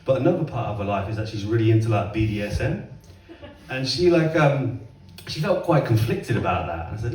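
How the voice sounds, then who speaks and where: A man performing a chatty, self-mocking stand-up set and acting out voices in loud bursts. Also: fairly low pitch, lively intonation, fairly quick, a little hiss or hum. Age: 30s. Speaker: stand-up comedian. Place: comedy club stage, heard from across the room. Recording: roomy live club recording from a distance. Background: faint audience laughter.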